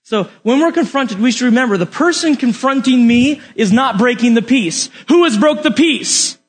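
A young man teaching a Bible lesson from an outline, animated and often asking the audience questions. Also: very high voice, normal speed, husky.

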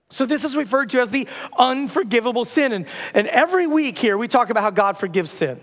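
Man, pastor, sermon, casual storytelling, high voice, long hall reverb. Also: expressive, brisk, hardly any pauses, a bit bright. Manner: casual conversational storytelling with humor. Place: church auditorium.

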